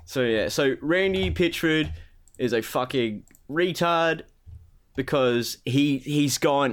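A man's voice: a little high, slow pace. A man hosting a casual gaming podcast, ranting with heavy profanity and sarcasm.

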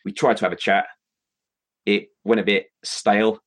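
A man's voice: on the low side, level tone, moderate pace. A British man co-hosting a casual live stream, reading viewer comments with many hesitations. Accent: British English. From Britain. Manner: hesitant, lots of ums and restarts. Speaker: co-host of a crypto live stream.

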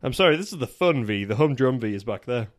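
A man's voice: mid-range voice, lively intonation, fast talker, close to an everyday voice. A man putting on a South African accent to play a clipped, mock-formal film character.

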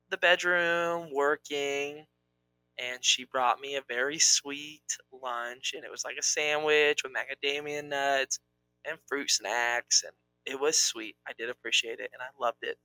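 A man chats casually as a podcast co-host, teasing his partner in a playful way. His voice is bright. The sound is dry and close, with no room echo. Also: medium pitch, fairly even intonation, a little slow, clear, resonant tone. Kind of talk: casual chat.

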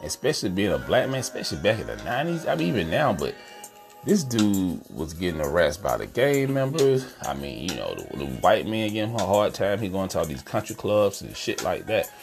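A man's voice: low voice, very animated, brisk, creaky, soft background music. A man hosting a podcast, chatting casually and slangily about a movie he watched, talking straight to his listeners. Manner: laid-back, slangy, talks to listeners as y'all. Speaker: podcast host. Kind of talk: casual movie review chat.

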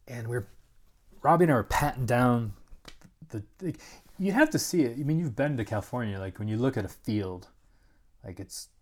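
A middle-aged man telling a story as an interview guest, rambling and animated, full of "like" and restarts, acting out other people's lines. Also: mid-range voice, moderate pace, long pauses. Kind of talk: casual storytelling.

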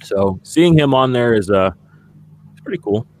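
On a casual sports podcast, a male co-host rants in exasperation, his talk packed with fillers. He speaks at normal speed in an animated, medium-pitched voice, with a slight hiss or hum present.

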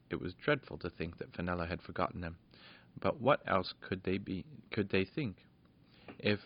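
A man reading a children's storybook aloud in a plain, steady way, with small slips. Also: deep voice. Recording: dull lo-fi dry recording.

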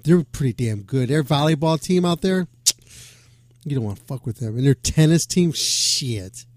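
A man's voice: fairly high pitch, expressive, moderate pace, darkish tone, no echo. A man hosting a rock radio show, talking casually with loose jokes and swearing. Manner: loose, swearing, joking asides. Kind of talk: casual rambling radio talk.

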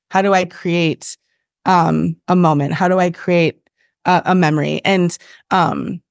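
A woman's voice: lowish voice, no room sound, studio quality. A woman in her thirties, a podcast guest, talking earnestly in a casual interview, full of "like" and "um". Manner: filler-heavy, earnest, tangents. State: briefly emotional.

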